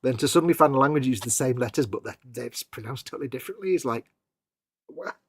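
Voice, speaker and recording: Male livestream co-host, husky and chatty, casual banter, dry close sound. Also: medium pitch, fast, no echo. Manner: chatty, laughs often, drifts into soft trailing asides. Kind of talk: casual chat.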